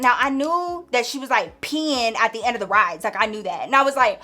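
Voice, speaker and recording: A woman vlogger telling a casual storytime, animated and gossipy, slangy and blunt, acting out her friends' lines. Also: a little high, brisk, few pauses. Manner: slangy, blunt, swears freely.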